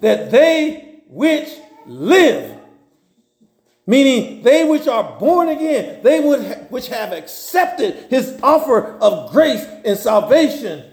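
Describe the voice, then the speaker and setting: A man preaching a sermon, telling Bible stories in a lively, folksy and humorous way. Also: very high voice, unhurried, few pauses. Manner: animated, folksy storytelling with humor. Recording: roomy echo.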